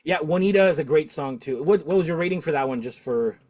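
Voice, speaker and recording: A middle-aged man hosting a casual talk show, talkative and animated, laughing often. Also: fairly high pitch, quick pace. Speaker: podcast host. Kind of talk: casual chat.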